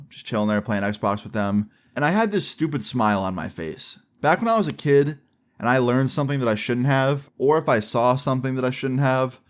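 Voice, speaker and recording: A man's voice: medium pitch, clear, resonant tone. Chatty young man telling a storytime. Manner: chatty and candid, heavy use of "like", casual swearing. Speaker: vlogger. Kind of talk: casual storytime narration.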